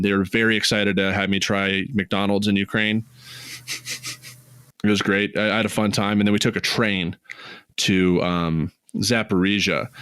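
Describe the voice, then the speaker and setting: A man co-hosting a podcast, telling a travel story in casual chat, swearing freely, his voice jumping high when he gets excited. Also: clean tone, no room sound, clean studio sound. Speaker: podcast co-host.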